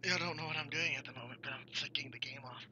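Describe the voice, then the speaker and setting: A man's voice: fairly high pitch, rapid-fire, bright, forceful tone, lo-fi sound, slight background noise. A man giving casual, profane commentary while playing a horror game, joking and reacting aloud. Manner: profane, swearing often. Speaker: gaming YouTuber. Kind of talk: casual Let's Play commentary.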